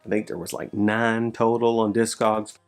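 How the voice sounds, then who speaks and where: A man talking casually on his vlog as a record collector, showing his finds and getting excited, his voice jumping up when thrilled and dropping low after. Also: moderate pace, clear, resonant tone. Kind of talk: casual show-and-tell vlog.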